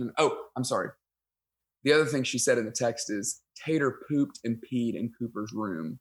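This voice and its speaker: On a podcast, a pastor from the United States spins a story conversationally, poking fun at himself and voicing what went through his head. His voice sits mid-range and his speed is normal.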